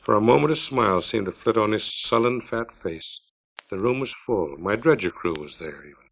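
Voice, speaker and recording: Gravelly man narrating a story. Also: medium pitch, fairly bright tone. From California. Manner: measured, plain, unhurried. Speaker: author reading his own story. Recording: dull lo-fi 1950s LP recording.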